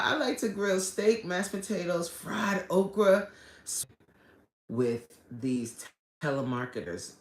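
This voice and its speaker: A woman's voice: lowish voice, lively intonation, slow pace, a bit bright. A woman hosting a casual live stream, reading chat comments aloud and laughing often. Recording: echoey room.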